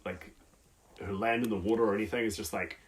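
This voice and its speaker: A man's voice: on the low side, steady tone, quick pace. A man co-hosting a podcast in casual chat, easygoing and agreeable, chipping in with film trivia. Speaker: podcast co-host.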